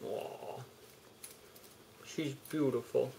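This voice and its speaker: A young man speaking candidly to his camera about his own life. He rambles, restarts his sentences and keeps the tone personal and unscripted. His voice sits in an ordinary middle pitch. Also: steady tone, extremely slow, creaky, mellow, a little hiss or hum. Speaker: vlogger. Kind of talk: personal confessional vlog.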